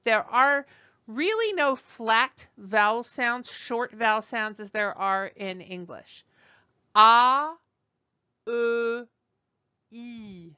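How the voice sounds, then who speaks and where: A woman teaching a French class, slow and patient, modeling sounds for students to repeat. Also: a little high, lively intonation, sharp tone, clear, resonant tone, no room sound, lo-fi sound. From United States. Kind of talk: classroom lesson.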